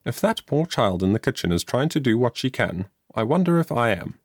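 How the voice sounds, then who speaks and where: A man's voice: mid-range voice, big pitch swings, a little fast, dry recording, clean studio sound, pitched above the performer's own voice. A man reading an audiobook, voicing a kindly, thoughtful middle-aged mother in a raised voice.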